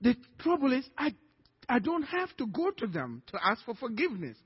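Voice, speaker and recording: A male pastor with a Nigerian accent preaching a sermon, animated, acting out little dialogues as he teaches. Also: very high voice, moderate pace, breathy edge, long reverb tail. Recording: dull lo-fi sermon recording.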